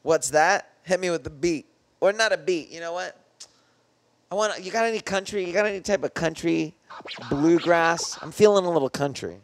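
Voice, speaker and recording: A man's voice: fairly high pitch, normal speed. Slangy, rambling young guy. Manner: loose, rambling, slangy, swears a lot. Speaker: podcast co-host. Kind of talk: casual chat.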